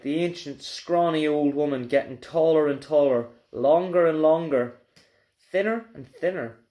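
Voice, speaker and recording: A male teacher reading a children's book aloud, telling it expressively. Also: fairly high pitch. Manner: expressive storyteller.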